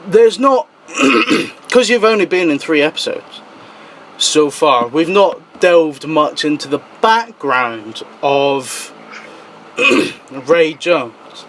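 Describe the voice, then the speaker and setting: A man's voice: on the high side, sing-song, slow pace, fairly bright tone, a little hiss or hum, rough recording. A man hosting a talk show in casual chat, joking around, swearing freely and laughing often.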